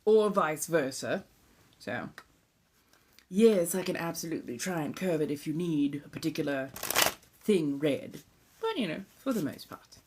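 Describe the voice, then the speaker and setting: This is a woman from Southern California with a fairly low voice, chatting loosely on a phone live stream. Her ASMR talk is relaxed and easygoing, and she drops into breathy whispers between her normal lines. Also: unhurried, pauses often, slight background noise. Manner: chatty and relaxed, drifts into soft whispered asides, casual swearing.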